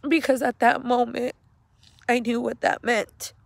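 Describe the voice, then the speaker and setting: A middle-aged woman slowly and haltingly retelling a painful memory, speaking outdoors. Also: a little high, level tone, vocal fry, no room sound. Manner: slow, halting, emotional retelling. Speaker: grieving mother. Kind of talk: personal storytelling vlog. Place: outdoors at a cemetery.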